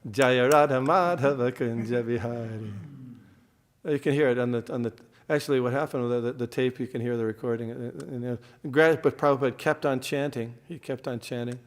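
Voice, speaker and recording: Male lecturer, mid pitch, teaching a temple class. Explains terms, quizzes the room. Long hall reverb. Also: fairly even intonation, fast talker, hardly any pauses. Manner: explains terms, quizzes the audience, frequent fillers and restarts.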